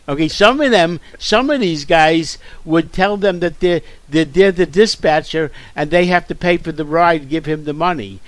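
A man's voice: a little high, moderate pace, few pauses, no room sound. A man hosting a radio talk show, repeating words and restarting lines as he talks. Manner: repeats himself, stammering restarts. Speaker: radio host. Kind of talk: casual radio chat.

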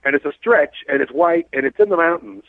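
Blunt New cabbie host, tinny line. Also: male voice, fairly high pitch, fairly quick, vocal fry, no room sound. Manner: blunt, rambling storyteller. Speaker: radio show host and cab driver. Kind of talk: talk radio chat. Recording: tinny phone-like dry sound.

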